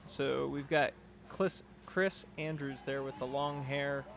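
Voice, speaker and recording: A man's voice: mid-range voice, steady tone, slow pace, gravelly, slight background noise. A man commentating live on a race livestream, calling runners in an easygoing way. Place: outdoors at a race aid station.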